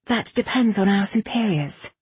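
Weary young heroine, as a female narrator puts her on, hushed, very husky, dry. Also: medium pitch, animated, normal speed, no room sound, pitched above the performer's own voice. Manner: hushed, anxious whispering. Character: weary, wary young woman librarian-spy.

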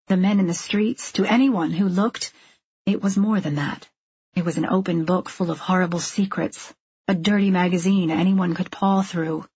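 A woman reading first-person fiction in an intimate, measured, confessional way. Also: on the low side, darkish tone, slightly rough, no room sound, highs cut off. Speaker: audiobook narrator. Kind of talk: scripted first-person narration.

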